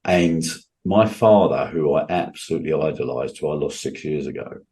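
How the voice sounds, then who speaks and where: A man speaking as an interview guest, earnest and emphatic. He has a low voice with a dark, mellow tone and often restarts his sentences as he pushes his point. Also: lively intonation, normal speed. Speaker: guest entrepreneur.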